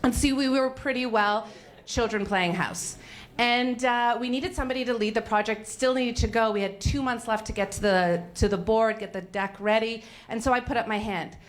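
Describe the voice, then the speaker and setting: A woman's voice: on the high side, moderate pace. A young adult woman from Canada gives a candid, self-mocking storytelling talk on stage about her own failures, swearing freely. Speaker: speaker at a failure-stories event.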